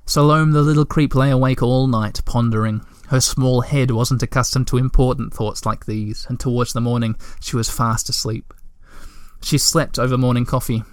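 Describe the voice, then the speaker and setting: A man reading a storybook aloud as narrator, at a steady, gentle pace. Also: medium pitch, normal speed, clean tone, no room sound, studio quality.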